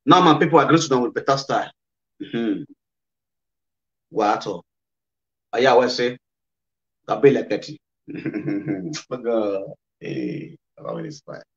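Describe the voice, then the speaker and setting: A man's voice: lowish voice, slow pace, gravelly, long pauses. Nigerian Pidgin-speaking male blogger. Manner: animated, code-switching, laughs often. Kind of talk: casual commentary. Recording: dull lo-fi audio.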